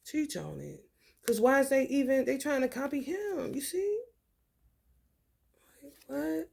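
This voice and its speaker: A woman venting in a casual monologue. Her voice is slightly high and gravelly with fry, and she tells her story bluntly and profanely. She fires off rhetorical questions as she goes. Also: expressive, measured pace, darkish tone. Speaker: vlogger.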